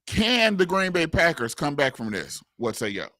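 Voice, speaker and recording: A man co-hosting a sports talk radio show, talking in a lively, animated way, with lots of repeats and loose slang. His voice is bright and forceful. It sounds dry and close to the mic. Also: on the high side, moderate pace, dry recording. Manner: animated, laughing, repeats words, southern US slang.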